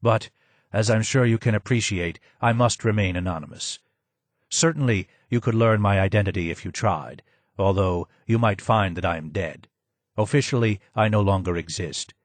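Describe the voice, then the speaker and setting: A man voicing a broken, disfigured former advisor who speaks low, hoarse and slow, sounding more sad than angry. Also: dry recording, close to an everyday voice. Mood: grim.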